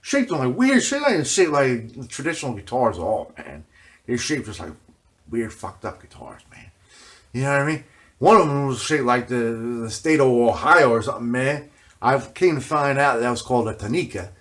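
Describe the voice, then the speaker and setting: A man's voice: medium pitch, very animated, normal speed, a bit bright. Middle-aged male host, loose rambling monologue, filler-heavy and profane. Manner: casual, constantly says "you know what I mean", swears freely. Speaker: video journal host.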